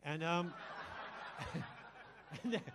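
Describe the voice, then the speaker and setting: A man in his sixties doing a live stand-up set on a club stage, crude and self-mocking, with quick asides to the crowd. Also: a little high, heavy background noise. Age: 60s. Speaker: stand-up comedian.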